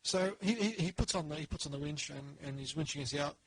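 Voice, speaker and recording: Casting: Australian man, podcast host, slightly high, husky, dry close mic, rambling storyteller. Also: fast talker, no echo, poor audio. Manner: rambling storyteller, many restarts. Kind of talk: casual chat.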